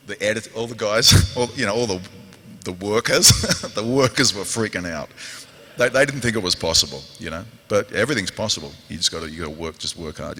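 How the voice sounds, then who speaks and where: Male, New Zealand accent, fairly low and punchy, animated panel storyteller, reverberant convention hall. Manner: lively anecdotes with quoted voices and growls.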